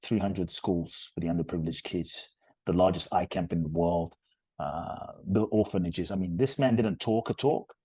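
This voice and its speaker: A man's voice: deep voice, moderate pace, warm tone, breathy edge, no room sound. A man, a podcast guest and retreat leader, telling stories in an earnest, emphatic and heartfelt way. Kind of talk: conversational storytelling interview.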